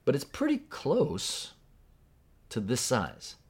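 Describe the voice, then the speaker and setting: A man's voice: medium pitch, huge pitch swings, slow, a little mellow, slightly rough. A man preaching a sermon in a conversational way, asking his listeners questions. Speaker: pastor.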